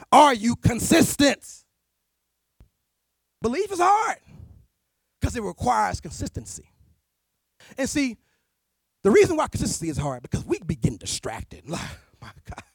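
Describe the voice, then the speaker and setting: A man preaching a sermon, swinging between loud shouted points and low intimate asides, with slangy talk. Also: gravelly, slightly rough, dry recording.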